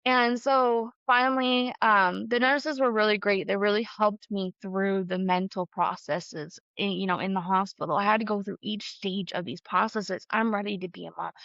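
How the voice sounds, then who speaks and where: A woman's voice: mid-range voice, fairly even intonation, moderate pace, few pauses, fairly bright tone, dry recording. Candid woman on a dull, dry recording. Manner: candid and emotional, with frequent fillers and laughs. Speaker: podcast guest. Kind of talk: casual conversation.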